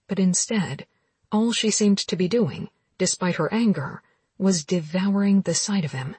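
A woman narrating a romance audiobook with steady, even storytelling, recorded close. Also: mid-range voice, unhurried, slightly rough, no room sound.

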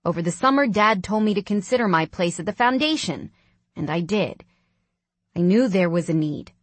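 A woman voicing a guarded young man who talks in a low, clipped way in an audiobook story. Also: expressive, normal speed, dry recording.

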